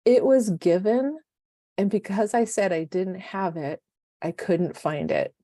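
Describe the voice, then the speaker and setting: A fifty-something woman co-hosting a casual podcast brings her stories to life, acting out what everyone said. She speaks a little slowly in a mid-range voice, and the recording is dry with clean studio sound.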